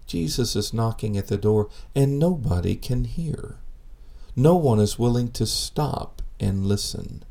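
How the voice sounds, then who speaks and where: A man preaching a sermon in an earnest, measured way, asking rhetorical questions. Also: medium pitch, expressive, creaky, mellow.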